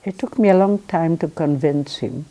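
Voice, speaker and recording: An older woman with a Polish accent, a Holocaust survivor telling her story in an unhurried way and acting out remembered dialogue. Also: sits low, mellow. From Poland. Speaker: Holocaust survivor giving testimony. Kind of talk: personal testimony to students.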